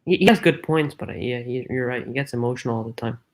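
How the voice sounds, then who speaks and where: A man hosting a live call-in discussion show, chatting casually and retelling arguments in an animated way. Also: mid-range voice, fast. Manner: animated, mimics others with sudden shifts in loudness. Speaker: host.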